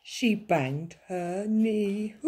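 Slow, expressive woman reading a story. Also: on the low side, slightly rough. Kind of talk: children's story read-aloud.

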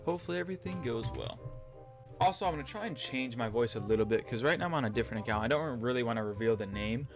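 A man's voice: mid-range voice, lively intonation, soft background music. Upbeat young man hosting a gaming vlog. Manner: upbeat, chatty, quick direct address to viewers. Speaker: gaming YouTuber host. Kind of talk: casual gaming vlog commentary.

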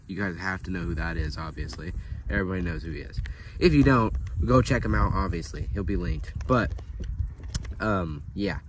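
Young male farm vlogger, slightly stuffy, easygoing and rambling; handheld outdoors with wind and water behind. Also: low-pitched. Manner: rambling, laid-back, many fillers. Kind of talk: casual vlog chat. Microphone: handheld camera. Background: running water and wind.

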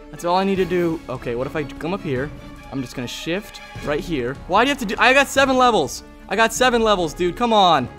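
Excitable young man narrating his gameplay. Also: sits high. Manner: excitable, talks to opponents, bursts into shouts. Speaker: gaming channel host. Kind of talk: casual gameplay commentary.

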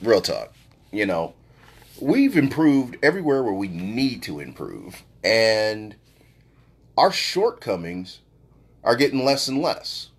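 A man hosting a live stream, ranting brashly and profanely in casual trash talk, with his voice often jumping high when he gets worked up. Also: huge pitch swings, takes it slowly, breathy edge. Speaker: live-stream sports show host. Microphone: phone.

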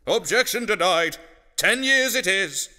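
A man's voice: high voice, lively intonation, pushed and bright, full character voice. Man doing a stern courtroom judge. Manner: formal measured pronouncements. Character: stern matter-of-fact male judge.

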